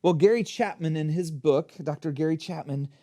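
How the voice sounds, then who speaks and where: A man preaching a sermon as a pastor, in an energetic, conversational teaching manner. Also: fairly high pitch, normal speed.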